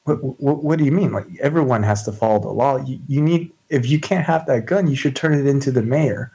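A man's voice: mid-range voice, fairly quick, vocal fry, dark tone, voice pushed up, close to an everyday voice, rough recording. A man voicing an earnest young noblewoman who asks flustered, eager questions. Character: earnest young noblewoman Shauna, determined to help.

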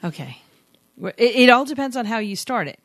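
A woman's voice: on the high side, very animated, fairly quick, no echo, studio quality. A woman co-hosting a podcast, chatting casually and teasing her co-host, often rambling and contradicting him. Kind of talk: casual banter and interview.

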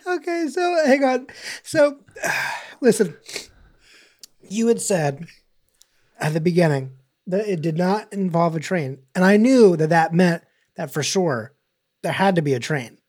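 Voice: medium pitch, expressive, unhurried, a little mellow. A podcast co-host in casual chat who rambles through thoughts with many fillers and laughs.

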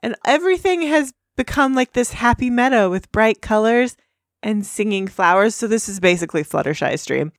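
Bubbly woman recapping with a lively voice. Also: normal speed, no room sound, clean studio sound. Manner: bubbly, puts on squeaky high voices for quotes. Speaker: episode recap host. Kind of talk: casual recap chat.

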